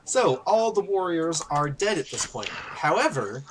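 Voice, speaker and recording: A man narrating a tabletop game as game master, telling the story in an animated way. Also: a little high, a little slow, background noise.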